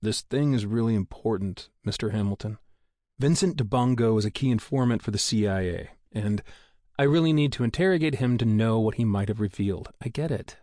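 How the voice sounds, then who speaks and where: A man voicing a weary middle-aged government official who talks in a groggy, officious way, with a low voice and a dry, close sound. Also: brisk, dark tone, no room sound, close to an everyday voice. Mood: insistent.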